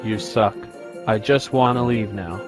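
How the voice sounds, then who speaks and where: A man's voice: lowish voice, unhurried, lightly acted. A man voicing a rude, insulting male partner who turns every complaint back on her, with music behind. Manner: insulting, whiny blame-shifting.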